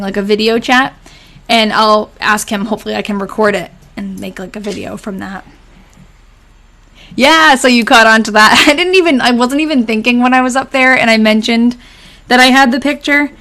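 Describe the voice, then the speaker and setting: A woman's voice: a little high, fairly bright tone, slight background noise. A young woman hosting a casual live stream, chatting with viewers, answering their comments and laughing often. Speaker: live stream host reading old diaries.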